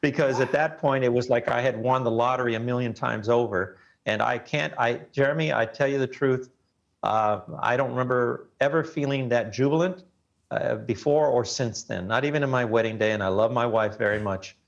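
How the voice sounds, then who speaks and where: A man being interviewed as a guest, earnestly recounting a personal ordeal and letting his voice sink low at the grim parts. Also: normal speed, gravelly, muffled recording. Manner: earnest storytelling, voice drops low at grim moments. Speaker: guest, reporter.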